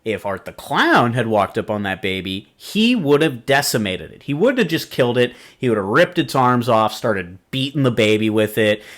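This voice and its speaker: A man's voice: lowish voice, fairly bright tone. A man hosting a podcast, rambling through a casual movie review with lots of fillers, laughs and swearing. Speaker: podcast host.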